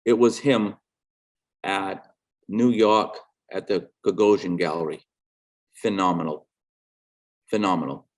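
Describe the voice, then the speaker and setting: A low-pitched man in his fifties from New England, talking as a guest artist and teacher in an easy interview. He speaks earnestly but haltingly, stopping to restart phrases and repeating words as he goes. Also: steady tone. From New England, USA. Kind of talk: casual interview chat.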